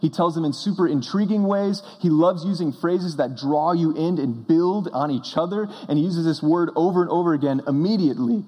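A man's voice: fairly high pitch, brisk, few pauses, dark tone, breathy edge. A young man preaching a sermon as pastor, telling stories earnestly and pressing key points with emphatic bursts. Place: church sanctuary. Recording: reverberant church hall.

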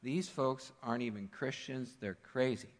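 A man preaches in a conversational yet emphatic way, mixing plain asides with pointed stress. His voice sits at an ordinary middle pitch. It rings out in a church sanctuary with a long, trailing reverb. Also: normal speed. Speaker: pastor. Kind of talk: sermon.

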